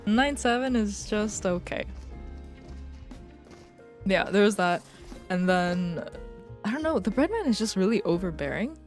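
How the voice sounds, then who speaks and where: A woman's voice: medium pitch, lively intonation, a little slow, long pauses, soft background music. A young woman streamer in casual live chat, rambling, swearing often and joking as she goes.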